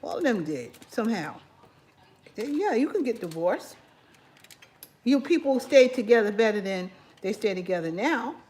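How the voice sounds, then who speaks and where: A woman's voice: fairly high pitch, big pitch swings, normal speed, a little mellow. A woman from New York with a New York accent, chatting casually while she cooks for her channel. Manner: chatty, talks while cooking. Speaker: cooking channel host. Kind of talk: casual cooking vlog chat.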